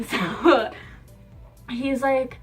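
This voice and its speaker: A young adult woman telling a personal story in a casual vlog, animated, acting out the dialogue and laughing often. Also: high voice, extremely slow, husky, faint music behind. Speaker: vlogger.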